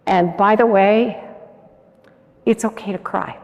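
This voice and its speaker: Speaking slowly and steadily in a medium, slightly mellow voice, a woman delivers an earnest, coaxing motivational keynote in a large conference hall, frequently questioning the audience. The sound is lo-fi and echoey.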